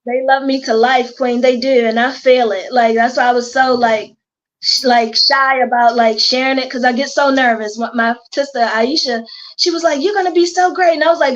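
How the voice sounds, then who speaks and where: High-pitched baltimore woman, chatty, acts out quotes, kinda muffled lo-fi sound. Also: fairly quick. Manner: animated storyteller, quotes herself and others. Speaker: guest, hair stylist. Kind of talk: casual chat.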